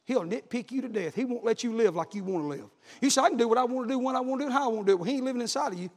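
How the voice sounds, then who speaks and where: A man preaching a sermon, swinging between loud exhortation and low, quiet appeals. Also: big-room sound.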